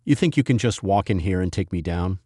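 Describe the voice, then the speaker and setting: A man's voice: sits low, animated, a little fast, mellow, husky, dry recording, clean studio sound. A man voicing a smug, menacing male biker gang leader in an audio story, reading his taunts in a sneering, growling manner. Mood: defiant.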